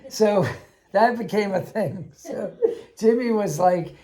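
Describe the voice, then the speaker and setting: A man casually recounting a tabletop game he ran for kids, animated and laughing, acting out the voices he quotes. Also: sits high, slow pace. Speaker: game master teaching kids. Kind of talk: casual anecdote storytelling.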